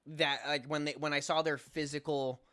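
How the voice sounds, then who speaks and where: A man's voice: a little high, flat delivery, normal speed, fairly bright tone. A man co-hosting a podcast, chatting about a film with slangy, swearing enthusiasm. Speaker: podcast co-host. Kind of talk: casual chat.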